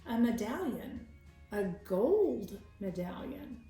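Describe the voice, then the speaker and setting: A woman's voice: fairly high pitch, very animated, slow, dark tone, reverberant, soft background music, low-quality recording. A woman reading a children's book aloud as a teacher, with chatty asides to her young listeners. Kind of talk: read-aloud storytelling.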